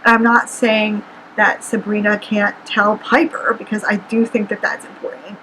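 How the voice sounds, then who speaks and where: A woman of middle pitch reviews a book in a casual, chatty way, full of sarcastic asides. She records at home in her apartment. A steady air conditioner hum sits clearly under her voice. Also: normal speed, poor audio. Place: apartment room.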